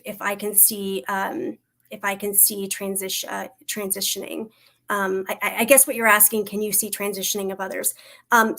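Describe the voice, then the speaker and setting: A woman working as a psychic medium, doing a livestream reading and Q&A, talking in a soft, reassuring way with frequent pauses, fillers and restarts. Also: medium pitch. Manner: hesitant, halting, many fillers and restarts.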